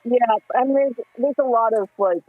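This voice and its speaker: A man co-hosting a live stream, giving scores and background in a steady, informative way with some fillers. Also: very high-pitched, moderate pace, no echo, narrow, tinny audio. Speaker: commentator. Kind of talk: casual live-stream commentary.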